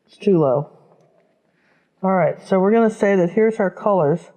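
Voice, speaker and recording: A woman's voice: medium pitch, moderate pace, warm tone, rough recording. A woman teaching a step-by-step painting lesson, chatting casually and thinking aloud as she works. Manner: chatty, talks while working, thinks aloud. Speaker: painting instructor.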